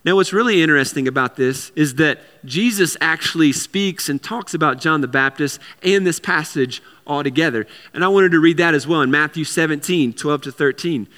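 A man's voice: fairly high pitch, normal speed, few pauses, bright, forceful tone, in a large hall. A man preaching a sermon in a conversational way, with repeated words and casual asides. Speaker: pastor.

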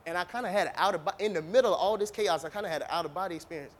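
A man's voice: high voice, racing. A man telling a story to an audience in a conversational way, acting it out with vocal sound effects. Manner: conversational, with many fillers. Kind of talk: storytelling talk.

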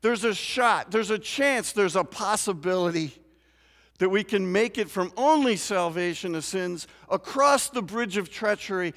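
A man preaching a sermon in a church, moving from quiet scripture reading to loud, rising emphasis. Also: high-pitched, animated, measured pace. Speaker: pastor. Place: church sanctuary. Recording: long church reverb.

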